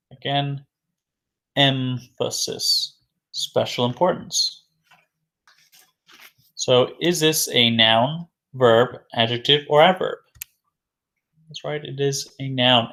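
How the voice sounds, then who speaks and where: A male English teacher talks through a vocabulary lesson at an unhurried pace. His voice sits at an ordinary middle pitch. He repeats each new phrase and answers his own questions in a patient, measured way. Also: vocal fry, pushed and bright. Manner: slow and deliberate, repeating key words; asks questions then answers them himself.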